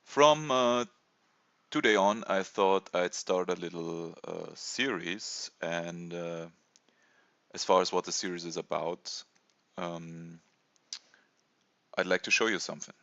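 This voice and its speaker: A man in his thirties from Germany with a German accent, hesitantly presenting a casual toy review with many pauses and fillers. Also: low voice, gravelly, bright, forceful tone, no echo, lo-fi sound. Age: 30s. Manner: hesitant, many ums and uhs.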